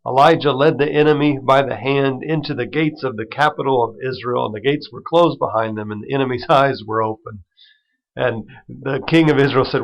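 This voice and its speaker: A man's voice: mid-range voice, moderate pace, gravelly, low-quality recording. A man teaching a devotional Bible study as the program's host, retelling scripture in plain everyday words and turning it into encouragement for his listeners. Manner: encouraging, prays over listeners.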